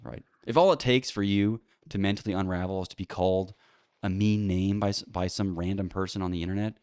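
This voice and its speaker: Deep-voiced man rambling bluntly. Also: darkish tone, no room sound, clean studio sound. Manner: rambling, blunt, with frequent fillers and restarts. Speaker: podcast host. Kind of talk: casual solo commentary.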